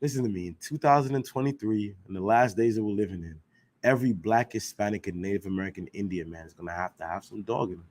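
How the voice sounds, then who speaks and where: A man's voice: fairly low pitch, fast, darkish tone. A man teaching an informal scripture class, emphatic and slangy, firing rhetorical questions and checking in with his listeners. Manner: emphatic, rhetorical questions, slangy, keeps asking "you know what I'm saying".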